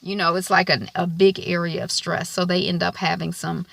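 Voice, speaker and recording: A woman's voice: lowish voice, little pitch movement, normal speed, creaky, a bit bright, no room sound. A woman giving a casual spoken recap of a TV episode, chatty and loose, with many filler ums. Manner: colloquial, loose grammar. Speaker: TV episode reviewer.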